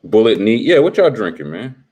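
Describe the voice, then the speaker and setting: A man's voice: lowish voice, big pitch swings, normal speed, a little mellow, slightly rough, dull audio. A young adult man hosting a casual live stream, teasing and talking straight to his chat in slangy speech.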